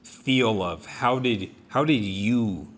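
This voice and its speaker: A man's voice: fairly low pitch, slow, a little hiss or hum. A young man co-hosting a podcast, telling personal stories in an earnest, reflective way. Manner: earnest, reflective storytelling with many restarts. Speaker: podcast co-host. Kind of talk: casual discussion of song lyrics.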